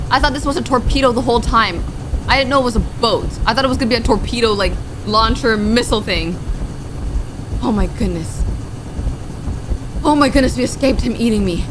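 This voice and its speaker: A woman commenting on a video game as she plays, joking and reacting loudly to scares. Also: a little high, brisk, pauses often, background noise. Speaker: gaming streamer. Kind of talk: let's play commentary. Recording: game music behind the voice. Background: game music.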